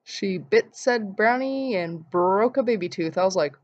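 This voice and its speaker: A young woman vlogger telling an animated story and acting out the quotes in voices. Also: mid-range voice, unhurried. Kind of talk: casual storytelling vlog. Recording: dull lo-fi sound.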